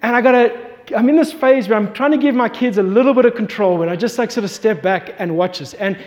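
Man, pastor, animated storytelling sermon, very high voice, echo of a large hall. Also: fast. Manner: animated storyteller, voice climbing when excited. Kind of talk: sermon with personal anecdote. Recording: long reverb from a large hall.

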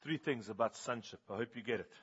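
Husky South African preacher. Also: male voice, medium pitch, fast, highs cut off. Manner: emphatic, has the congregation repeat words. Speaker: pastor. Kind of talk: sermon.

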